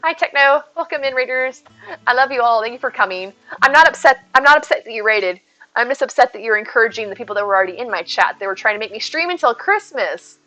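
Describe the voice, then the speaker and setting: A woman livestreaming from home, chatting with her viewers in an excitable, over-the-top way. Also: on the high side, fast talker. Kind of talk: casual live game stream chat.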